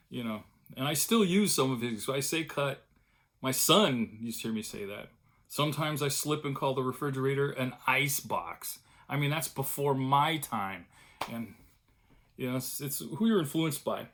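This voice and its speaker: A middle-aged cartoonist vlogs at length from his home studio room, casual, chatty and self-deprecating. His medium-pitched voice has a fairly bright tone and moves at a normal speed.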